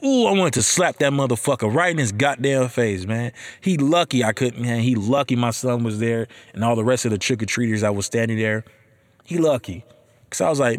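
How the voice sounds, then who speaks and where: A man's voice: mid-range voice, fairly quick. Profane, ranting man telling a story. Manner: profane, animated, heated ranting. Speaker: podcast host; father. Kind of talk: casual storytelling chat.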